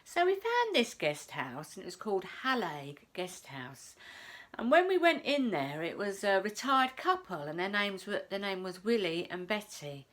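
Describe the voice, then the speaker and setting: A woman's voice: medium pitch, very animated, normal speed, fairly bright tone. A middle-aged woman from the north of England, telling a personal story to camera in a chatty way, often repeating phrases. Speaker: self-help vlogger.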